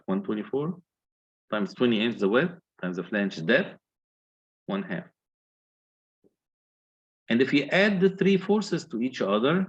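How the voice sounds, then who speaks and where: A man's voice: mid-range voice, slightly rough, dull audio. A man lecturing on engineering, working through calculations step by step and putting questions to his students. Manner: methodical, asks the class questions.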